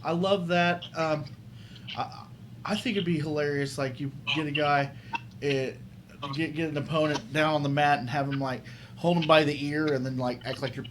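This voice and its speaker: A man's voice: fairly high pitch, steady tone, moderate pace, a bit bright, a little hiss or hum. A man hosting a podcast, chatting casually and reacting with enthusiasm and easy laughter. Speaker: podcast host. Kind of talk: casual interview chat.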